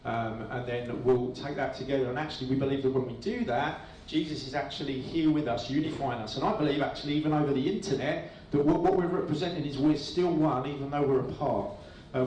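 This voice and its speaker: A man's voice: mid-range voice, darkish tone. A man preaching a casual sermon to a live congregation in a church hall, chatty and hesitant with many ums. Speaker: pastor. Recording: echoey hall, voice from far off, faint room noise.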